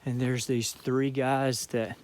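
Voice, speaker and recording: A man with a Southern Georgia accent telling a story outdoors as he hikes, in a relaxed, reflective vlog manner. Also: medium pitch, slow pace. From southern Georgia, USA. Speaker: thru-hiker vlogger. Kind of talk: casual trail vlog talk. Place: outdoors on a hiking trail.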